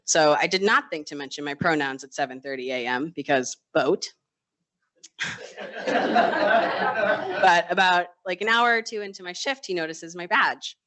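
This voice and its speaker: Nurse, live storytelling, bright tone, conversational, self-deprecating humor, acts out others' voices. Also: mid-range voice, normal speed, long pauses. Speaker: ICU nurse. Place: live storytelling stage event.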